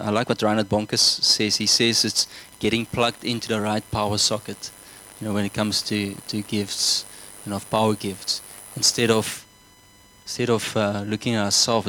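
The sermon comes from a man whose fairly low voice sounds pushed and bright, captured on a low-quality recording. Earnest in manner, he repeats words frequently and asks the congregation if they're with him.

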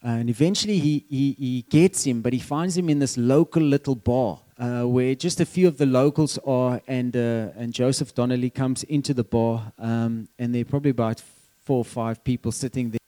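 A man's voice: medium pitch, steady tone, normal speed, mellow. A man with a South African accent preaching a conversational sermon, quizzing the congregation as he goes.

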